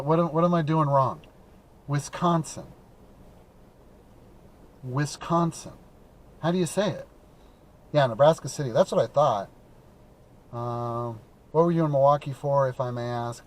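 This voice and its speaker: A man from the American Midwest runs a call-in show from behind the wheel, keeping it a casual live-stream chat. He talks at a moderate pace in a mid-range voice, wandering off track with lots of fillers and false starts.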